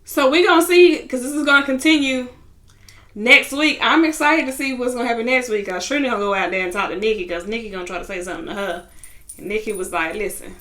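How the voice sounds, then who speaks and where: A young woman in a casual vlog, retelling a reality show episode with lively, slangy asides. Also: fairly high pitch, fast talker. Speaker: TV show reviewer.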